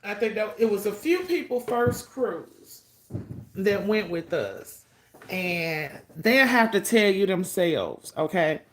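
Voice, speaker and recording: A woman's voice: mid-range voice, big pitch swings, slow, a little hiss or hum. A woman hosting a casual livestream, sassy and profane, greeting viewers by name. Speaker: livestream host.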